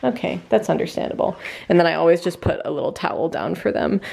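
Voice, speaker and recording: A young woman talks to her handheld camera in a casual, chatty vlog, leaning on fillers as she tells a story. Her voice sits low, with a gravelly fry running through it. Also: expressive, quick pace, darkish tone. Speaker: vlogger. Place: indoors at a rented cabin at night.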